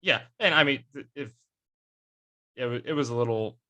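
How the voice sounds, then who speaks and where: A young man with a bright, lively tone hosts a casual sports chat. He rambles along, full of fillers and restarts. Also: mid-range voice, moderate pace. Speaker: podcast host.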